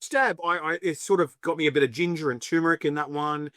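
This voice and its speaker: Talkative Australian guy, casual interview, bit high, dry recording. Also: brisk, sharp tone, no echo. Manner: chatty, storytelling, lots of fillers and acted quotes. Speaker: podcast guest, spicy food show creator.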